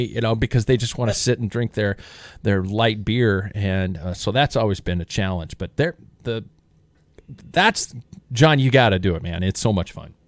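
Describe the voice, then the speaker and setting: Enthusiastic host, low dry voice. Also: male voice, no room sound. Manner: enthusiastic, quick interjections. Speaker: podcast host and sports PA announcer. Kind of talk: casual interview chat.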